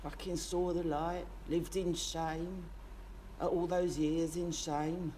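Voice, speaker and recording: Slow and dark-toned, with fairly low pitch and little pitch movement, a woman gives a comic character monologue to camera. She plays a sweary, brash working-class Londoner with a London accent, ranting in an impassioned, rambling way. The recording carries a little hiss or hum.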